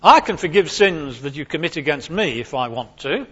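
A man preaching a sermon to his congregation, emphatic and animated, repeating his key points. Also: fairly high pitch, normal speed, husky, lo-fi sound.

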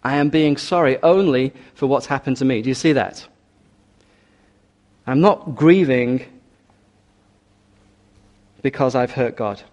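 A man preaching a sermon in an earnest, measured way, often asking his listeners rhetorical questions. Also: mid-range voice, a little mellow, dull audio.

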